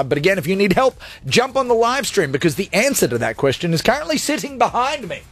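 A man hosting a live radio show, talking in a jokey, rambling, self-mocking way. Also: on the high side. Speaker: radio host. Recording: studio with music underneath.

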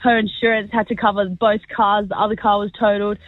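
A woman's voice: medium pitch, little pitch movement, fast talker, no room sound. An Australian woman in her twenties telling a story as a radio caller, chatty and full of "like". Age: 20s. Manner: chatty, uses "like" a lot. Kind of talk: phone-in storytelling. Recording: tinny dry phone line.

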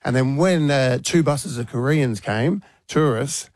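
A man hosting a radio show, telling a lively story and acting out quotes with punchy sound words. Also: medium pitch, unhurried, no room sound. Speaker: radio host. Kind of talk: casual storytelling chat.

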